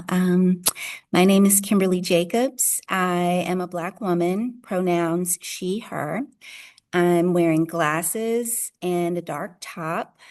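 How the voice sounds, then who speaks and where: Southern woman curator, gravelly, lowish voice, easygoing panel talk over video call. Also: a little mellow. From Jackson, Mississippi. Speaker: museum curator. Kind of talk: panel discussion remarks. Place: seated in an art gallery.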